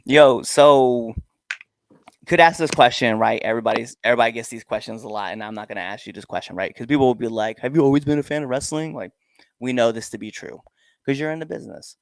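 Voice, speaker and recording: A middle-aged man hosting a wrestling podcast, telling stories in a relaxed chat and acting out the voices of the people in them. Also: mid-range voice, a little fast, creaky, no echo. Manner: animated storyteller, acts out quoted voices. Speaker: podcast host. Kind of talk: casual interview chat.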